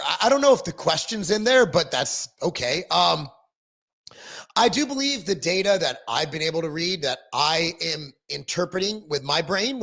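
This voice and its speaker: High-voiced middle-aged man chatting live. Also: a bit bright. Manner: rambling, self-deprecating, frequent ums and restarts. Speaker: livestream host reading viewer comments. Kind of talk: casual livestream chat.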